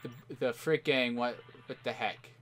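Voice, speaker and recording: Over faint background music, a gameplay commentator narrates an online shooter match live in an unhurried, medium-pitched, slightly bright voice. He hurls theatrical, mock-outraged insults at his opponents.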